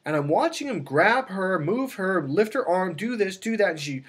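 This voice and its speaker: Husky animated man telling a story. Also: moderate pace. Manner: animated, acts out quotes with sudden high exclamations. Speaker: dating coach. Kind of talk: casual storytelling to camera.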